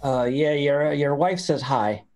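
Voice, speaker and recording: A man's voice: fairly high pitch, a little slow, heavy background noise. A man improvising comedy lines over a webcam call, hesitant and starting with "uh, yeah". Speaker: improv player. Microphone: webcam on a video call.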